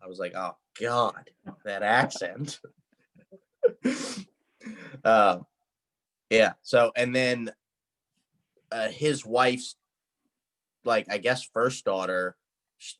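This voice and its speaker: A man's voice: on the low side, expressive, extremely slow, long pauses, a bit bright. A young man in college co-hosting a casual sports podcast, telling rambling anecdotes and laughing often. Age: young adult. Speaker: podcast co-host.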